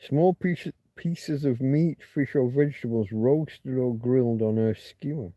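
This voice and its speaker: A man with a warm, mid-range voice speaks unhurriedly on a dry recording, hosting a casual livestream from his home in Torrevieja. Chatty and rambling, he muses aloud while reading and swears now and then.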